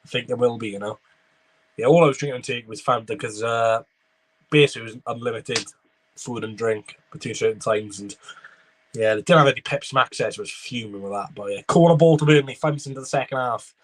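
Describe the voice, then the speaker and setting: A man's voice: mid-range voice, fast talker. A young man streaming a live football watchalong, giving running commentary and chatting with viewers. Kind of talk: live match reaction with chat replies.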